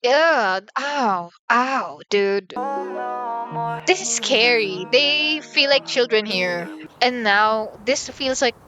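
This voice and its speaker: A young woman casually reacting to a music video, rambling through excited rhetorical questions and startled yelps. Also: a little high, slow pace, poor audio.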